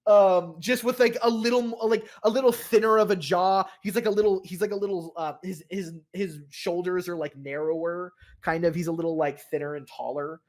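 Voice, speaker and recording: A man's voice: high voice, steady tone, a little fast, few pauses. A man narrating a tabletop role-playing game as game master, rambling with many fillers and restarts.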